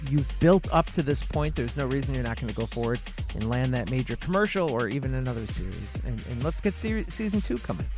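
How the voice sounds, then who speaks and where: A man's voice: mid-range voice, animated, fast talker, music in the background. A man hosting a podcast, asking friendly questions and encouraging his guest. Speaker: podcast host. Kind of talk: casual interview chat.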